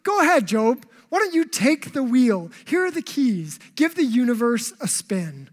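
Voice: medium pitch, sing-song, a little slow. Preacher doing a teasing God, sarcastic, mock-patient, long hall echo. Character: sarcastic God talking down to a man.

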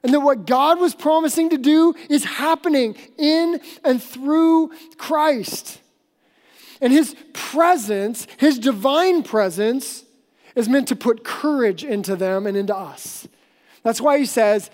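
A woman pastor preaching a sermon, explaining earnestly and slowing down for emphasis. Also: a little high, darkish tone. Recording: long hall reverb.

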